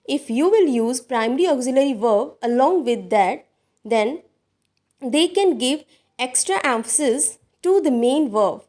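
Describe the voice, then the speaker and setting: Slow, high-voiced woman teaching grammar. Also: animated, darkish tone. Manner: slow, deliberate, addresses viewers as dear students. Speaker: English teacher. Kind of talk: recorded grammar lesson.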